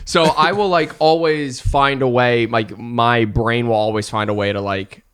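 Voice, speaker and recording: A man's voice: mid-range voice, fairly even intonation, a little slow, a bit bright, smooth. A man in his thirties, a comedian guest, telling a story in casual chat, rambling and self-deprecating, filling his talk with "like". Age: 30s.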